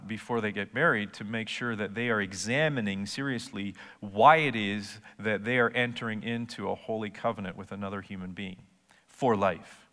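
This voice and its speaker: A man's voice: medium pitch, fairly bright tone, in a large hall. A male pastor preaching a sermon, conversational at first and then rising to emphatic points.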